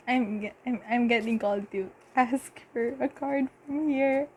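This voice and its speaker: Woman, tarot reader, slow unhurried talk, slightly high voice, chatty with fillers and giddy laughs. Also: a little mellow, slight background noise. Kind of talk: casual pick-a-card tarot reading.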